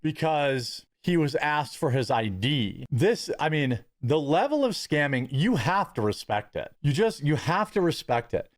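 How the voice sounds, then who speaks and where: A man's voice: on the high side, sing-song, measured pace, hardly any pauses, dry recording, studio quality. A man hosting a reaction commentary show, mocking the clips he plays with sarcastic asides. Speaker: commentary host.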